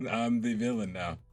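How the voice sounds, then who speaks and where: A man's voice: mid-range voice, breathy edge. A young man chatting casually and laughing often while he streams a game. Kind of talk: casual live-stream chat while gaming. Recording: faint game music behind.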